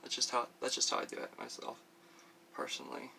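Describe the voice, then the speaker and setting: Filming at home, a man applies his makeup and talks through a relaxed review for his beauty vlog, full of fillers, tangents, and laughs. He speaks a little fast in a sharp tone, over slight background noise.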